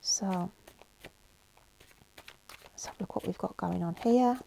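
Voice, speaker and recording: A woman's voice: mid-range voice, takes it slowly, gravelly, dark tone, a little hiss or hum. A woman giving a tarot reading, talking to viewers in an emotional, reassuring way with many fillers and frequent "okay?" checks. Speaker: tarot reader.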